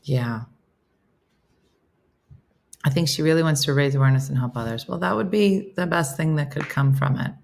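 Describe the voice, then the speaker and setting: A woman's voice: sits low, normal speed, gravelly, long pauses, darkish tone. A woman hosting a casual morning livestream, chatting and reading viewer comments aloud in a self-mocking way. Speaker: host of a morning livestream chat show.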